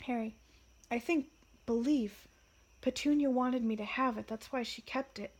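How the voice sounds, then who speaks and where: A woman reads a weary middle-aged wizard father who speaks softly and haltingly. His voice stays quiet and fairly high. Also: natural voice. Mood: tender. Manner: soft, hesitant, quiet.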